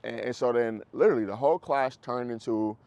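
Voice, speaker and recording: Gravelly-voiced male dog trainer. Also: mid-range voice, fairly quick, no echo, dull audio. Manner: animated, acts out dogs and owners, swears casually. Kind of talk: casual coaching in a group class.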